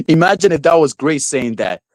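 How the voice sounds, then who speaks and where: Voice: medium pitch, normal speed, no echo, rough recording. Foul-mouthed streamer ranting, laughing a lot. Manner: animated, swears freely, laughs often, mocks others with silly voices. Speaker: streamer host. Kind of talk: casual livestream commentary rant.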